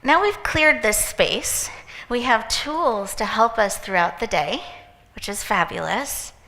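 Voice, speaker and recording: A woman hosting an event, giving an inspirational talk with a gentle, encouraging guided visualization. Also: fairly high pitch, lively intonation, takes it slowly. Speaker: event host and speaker. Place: event hall with live audience. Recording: echoey hall reverb.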